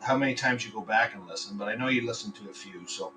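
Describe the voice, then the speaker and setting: A man's voice: lowish voice, quick pace, bright, forceful tone, far from the mic, slight background noise, poor audio. A man hosting a casual live podcast, rambling between topics, swearing freely and telling crude jokes. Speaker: podcast host. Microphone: computer microphone.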